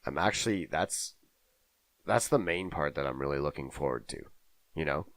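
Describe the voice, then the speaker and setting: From a basement, a male podcast co-host chats casually and rambles, poking fun at his own voice. That voice is extremely low yet fairly bright in tone, expressive, at a normal speed, in a dry recording.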